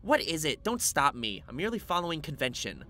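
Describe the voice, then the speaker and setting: A man's voice: a little high, wildly swooping pitch, fairly quick, soft background music, voice pushed up, full character voice. A man voicing a domineering teenage girl who leads a school club, in an audiobook reading. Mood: bossy. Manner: loud, commanding, demanding.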